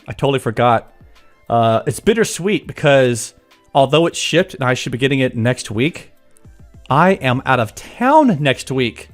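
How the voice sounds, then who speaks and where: Casting: male live-streamer, chatty and jokey, animated pitch, faint music behind. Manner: chatty, jokey, greets viewers by name. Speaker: livestream host greeting chat. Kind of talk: casual live-stream chat. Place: home office.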